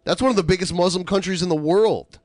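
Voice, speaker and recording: A man's voice: high-pitched, fast, darkish tone, no echo, studio quality. A man co-hosting a podcast, explaining points in loose casual chat with lots of fillers. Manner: explains with many fillers and restarts. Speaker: podcast co-host.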